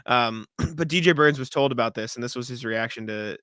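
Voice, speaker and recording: A young man co-hosting a casual sports podcast, telling stories in an animated way, swearing freely and laughing often. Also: mid-range voice, brisk, no room sound. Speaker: podcast co-host.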